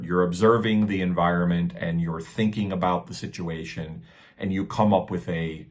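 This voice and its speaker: A man with an American accent teaching English grammar, patiently explaining and acting out example sentences. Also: deep voice. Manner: patient, repeats points, acts out example sentences.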